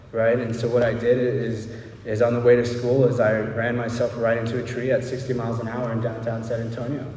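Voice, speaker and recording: A man's voice: medium pitch, a little mellow, a little hiss or hum. A man in his thirties giving a candid, rambling recovery talk, checking in with listeners by asking "right?" again and again. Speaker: recovery speaker. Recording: roomy hall from far off.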